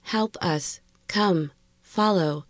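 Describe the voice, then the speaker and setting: A woman's voice: fairly low pitch, drawn-out words, no room sound, studio quality. A woman reading the terse, clipped messages of an eerie smiling snowman. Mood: ominous.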